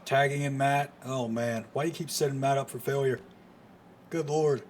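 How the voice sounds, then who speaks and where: A man doing live play-by-play commentary on a wrestling match, excitable and full of exclamations. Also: medium pitch, moderate pace, slight background noise. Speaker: streamer commentator.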